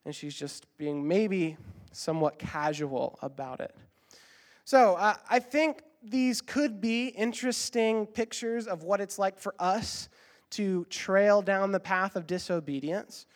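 Earnest high-voiced male preacher. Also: slow pace. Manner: earnest, emphatic preaching with repeated exhortations; uses fillers like um and uh when explaining. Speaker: pastor. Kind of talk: sermon.

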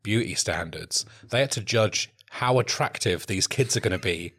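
A man's voice: on the low side, expressive, moderate pace, fairly bright tone, husky. A man co-hosting a podcast, chatting casually and laughing at himself as he tells stories. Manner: laughing, self-mocking, eager storytelling. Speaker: podcast co-host. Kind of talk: casual chat.

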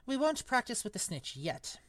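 A woman voicing an eager teenage boy who captains a sports team, speaking low and quietly for a storybook read-aloud. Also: very animated, moderate pace, dry recording.

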